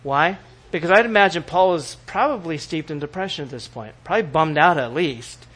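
Animated, bright-voiced male preacher. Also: on the high side, a little fast. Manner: animated, acts out quoted voices, laughs often. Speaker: pastor. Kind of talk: sermon.

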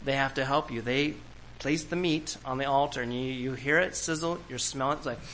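A male pastor delivers a sermon to his congregation, his voice bright and forward. He keeps it conversational, dropping into little acted-out quotes as he explains. Faint church ambience sits behind him. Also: mid-range voice, fairly even intonation, brisk, a little hiss or hum, rough recording.

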